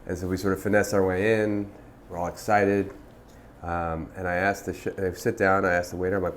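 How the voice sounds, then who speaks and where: A man in his thirties, a restaurant founder, telling stories in a relaxed, chatty way full of fillers. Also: low voice, fairly quick, slight background noise. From United States. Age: 30s. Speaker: restaurant founder, podcast guest. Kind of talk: casual conversational storytelling.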